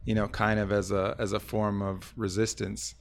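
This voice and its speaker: A man's voice: on the low side, little pitch movement, moderate pace, gravelly. A man in casual podcast conversation, talking reflectively with many fillers and restarts.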